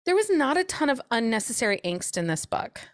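A woman talks through a romance novel with her co-host, animated and chatty. She slips into characters' voices now and then. The sound is dry and close. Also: on the high side, a little fast, no room sound. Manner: animated, acts out characters' lines with laughs. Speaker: podcast co-host. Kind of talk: casual book chat.

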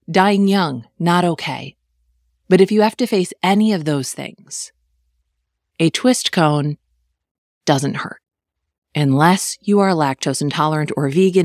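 A woman's voice: sits low, no room sound. A woman hosting a podcast, reading a personal essay and the show outro with wry, dry humor. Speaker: podcast host.

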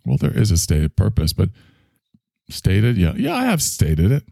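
Male stream host, low voice that swings up and down, rambling, self-reflective, profane. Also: huge pitch swings, a little slow, vocal fry, mellow, no room sound, clean studio sound. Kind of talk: casual monologue to an online audience.

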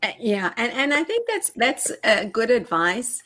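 A woman's voice: fairly high pitch, very animated, unhurried, fairly bright tone. A woman hosting a casual interview, speaking in an encouraging, slightly hesitant way.

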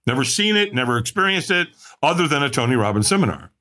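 Very animated and quick, his voice bright and forceful, the guest narrates his tale for a podcast. He plays out each quote with dramatic swings and large pitch jumps.

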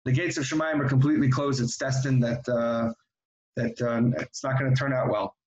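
A man's voice: medium pitch, moderate pace, lo-fi sound, lightly acted. A man voicing a solemn, compassionate old rebbe. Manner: calm, sorrowful.

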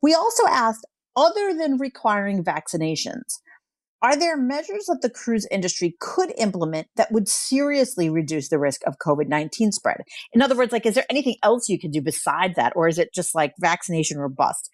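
A woman's voice: medium pitch, dry recording, clean studio sound. A woman co-hosting a podcast, chatting casually as she presents survey results, with frequent fillers and easy laughs. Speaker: podcast co-host.

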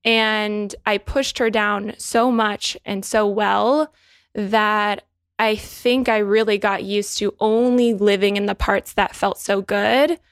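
Woman, podcast co-host, earnest and reflective, gravelly undertone, dry close sound. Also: medium pitch, no echo. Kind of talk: reflective wellness podcast talk.

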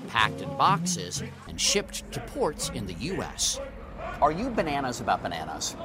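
List: man, news feature reporter, very lively pitch, playful, chatty. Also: a little slow, over music. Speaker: correspondent. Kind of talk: scripted feature narration.

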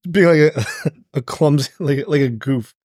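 A man's voice: on the high side, a little slow, a little mellow, no echo, studio quality. A man co-hosting a casual movie podcast, laid-back and agreeable, stammering a little when he starts a point. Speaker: podcast co-host. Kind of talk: casual movie discussion chat.

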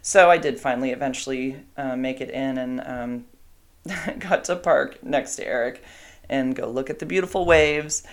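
A woman's voice: extremely low pitch, moderate pace. A middle-aged woman casually telling a long personal story, rambling with fillers and asides. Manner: chatty, rambling, with fillers and asides to her dogs.

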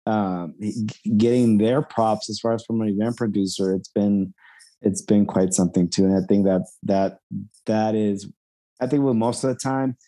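Mellow laid-back guy rambling on a podcast, lots of um and you know. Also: lowish voice, fairly even intonation, normal speed. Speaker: podcast co-host. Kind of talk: casual chat.

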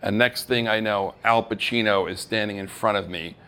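A man's voice: fairly low pitch, normal speed, smooth. A middle-aged man telling stories of his acting career on stage, acting out the voices of the people he quotes and laughing at himself. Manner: animated storyteller who acts out quoted voices and laughs at himself. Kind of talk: storytelling talk. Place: live event stage.

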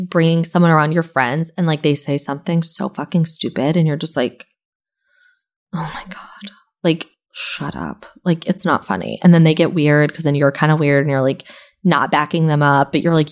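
A young woman hosting a podcast, recapping reality TV in a gossipy, chatty way, full of "like" and casual swearing. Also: lowish voice. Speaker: podcast host.

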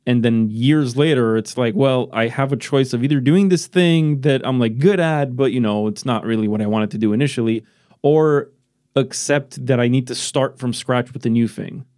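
A man's voice: mid-range voice, moderate pace, a little mellow. A man from Romania, a non-native English speaker, hosting a casual podcast chat, rambling and self-deprecating, swearing freely. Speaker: podcast host. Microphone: podcast microphone.

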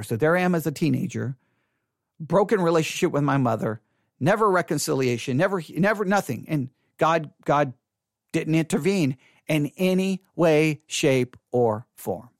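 A man with a fairly high voice tells a personal testimony to an audience. He talks earnestly, repeats himself, and moves between hushed and emphatic passages. The sound is dry and close. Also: expressive, moderate pace, no echo. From Texas. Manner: earnest, repetitive, swings between quiet and emphatic. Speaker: speaker addressing an audience.

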